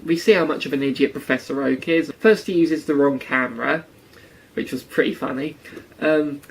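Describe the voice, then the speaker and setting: A man's voice: fairly high pitch, normal speed, vocal fry, a little hiss or hum, low-quality recording. A man giving sarcastic casual commentary on a cartoon episode. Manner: sarcastic, acts out quotes in silly voices. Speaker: anime reviewer.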